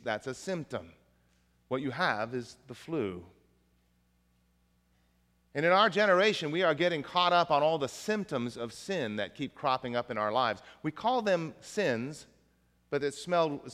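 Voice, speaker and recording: A man's voice: a little high, a bit bright, in a large hall. A man preaching a sermon as pastor, conversational and folksy, mixing jokes into the message. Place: church.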